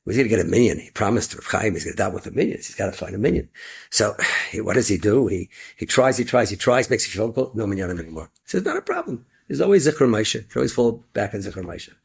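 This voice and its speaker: A man's voice: lowish voice, expressive, fast, gravelly, breathy edge. A middle-aged man with an American Yeshivish accent, a rabbi telling an inspirational story and acting out the dialogue with a rising voice. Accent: American Yeshivish English with Hebrew and Yiddish words. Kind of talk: inspirational story told to an audience.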